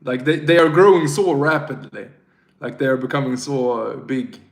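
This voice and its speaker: A Swedish-accented man chats loosely on a livestream, rambling and slangy with a self-mocking edge. He talks at an unhurried, drawn-out pace in a middling voice. The room around him rings with echo. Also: medium pitch. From Sweden. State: tipsy. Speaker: livestreamer reading chat. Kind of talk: casual livestream chat.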